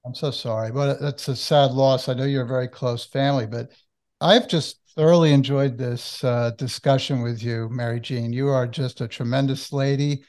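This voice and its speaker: A man hosting an interview, speaking gently and appreciatively to his guest. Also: mid-range voice, fairly even intonation, moderate pace. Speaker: host.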